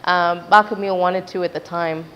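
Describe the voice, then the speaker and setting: At a normal speed and with a steady tone, this young woman speaks in a voice on the low side. She's a singer from Zimbabwe sharing a lively personal anecdote in a laid-back interview, acting out her parents' lines, heard through dull lo-fi audio with slight background noise.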